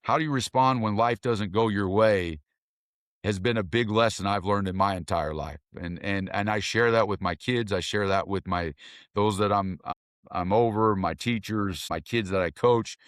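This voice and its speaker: A man's voice: on the low side, moderate pace, no echo, clean studio sound. A man from Kentucky, a football coach and mentor, telling stories earnestly in a casual interview with many restarts.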